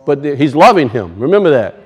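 A man's voice: a little high, very animated, fast talker, breathy edge, lo-fi sound. A male pastor preaching a sermon, emphatic, with rhetorical questions and casual asides.

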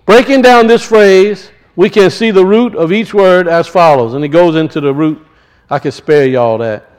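A man's voice: high-pitched, moderate pace, clear, resonant tone. A man teaching scripture in a conversational sermon style, rising into emphatic preaching. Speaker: Bible teacher.

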